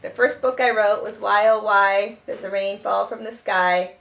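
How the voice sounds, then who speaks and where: A woman's voice: mid-range voice, fairly even intonation, moderate pace, vocal fry, a bit bright. A woman who teaches self-help and writes children's books, giving spoken advice in an earnest way with many restarts.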